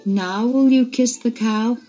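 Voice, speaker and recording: A woman's voice: fairly high pitch, slow pace, warm tone, soft background music, pitched above the performer's own voice. A woman voicing a patient but firm mother who keeps asking the same coaxing question.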